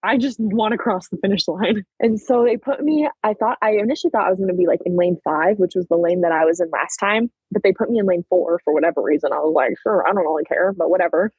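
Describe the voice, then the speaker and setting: A husky-voiced young woman in her late teens, telling a story as a podcast guest, talking quickly and filling every pause with "like". The sound is close and dry, with almost no room around her voice. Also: on the low side, no echo, phone-quality sound. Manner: chatty, peppered with "like", animated retelling. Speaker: podcast guest, track athlete. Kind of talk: casual storytelling interview.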